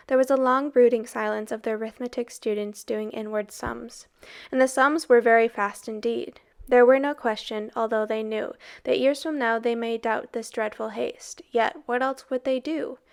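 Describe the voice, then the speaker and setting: A woman's voice: fairly high pitch, no echo, clean studio sound. Woman reading a novel aloud. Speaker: reader.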